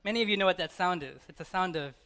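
American male pastor, 30s, clear high voice, casual sermon delivery with pauses. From United States. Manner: conversational preaching with dramatic pauses and soft asides. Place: church.

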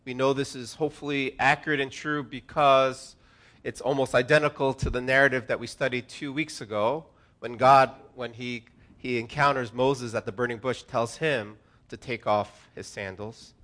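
A man preaching a sermon as pastor, with an earnest delivery that swings between hushed and emphatic. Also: mid-range voice, steady tone, moderate pace.

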